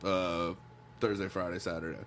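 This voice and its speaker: A man's voice: low-pitched, level tone, moderate pace, fairly bright tone, slight background noise. A man co-hosting casual podcast chat, telling laid-back stories with hesitant fillers and some swearing. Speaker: podcast co-host.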